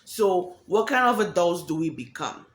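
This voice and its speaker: A woman's voice: on the low side, animated, normal speed. A woman giving a candid, profane monologue about emotions, acting out quoted voices as she talks. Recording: echoey room.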